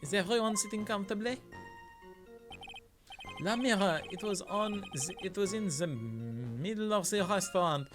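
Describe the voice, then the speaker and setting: A man's voice: high voice, lively intonation, moderate pace, pitched above the performer's own voice. A man voicing a theatrical French male chef with a put-on French accent over game music. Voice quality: exaggerated French words, swearing asides.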